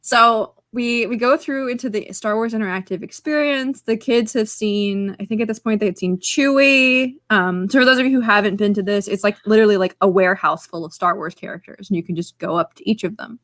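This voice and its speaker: A woman co-hosting a podcast in casual chat, excitable and chatty, stringing her stories together with lots of "like". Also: mid-range voice, brisk, few pauses, no room sound. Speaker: podcast co-host.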